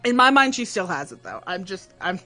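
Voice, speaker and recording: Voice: mid-range voice, big pitch swings, fairly quick, sharp tone, soft background music. A podcast co-host in casual chat, rambling with many fillers and restarts.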